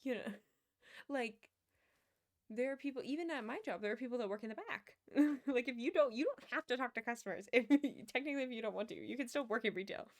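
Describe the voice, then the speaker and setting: A woman's voice: on the high side, fairly quick. A young woman streamer chatting casually, rambling with lots of fillers and restarts. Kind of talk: casual chat.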